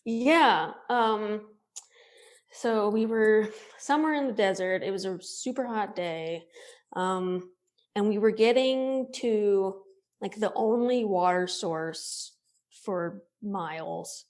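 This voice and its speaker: A woman's voice: mid-range voice, takes it slowly. A woman guest on a podcast, telling a story casually with lots of laughter and filler words. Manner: animated, laughs often, many "like" fillers. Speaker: podcast guest, thru-hiker.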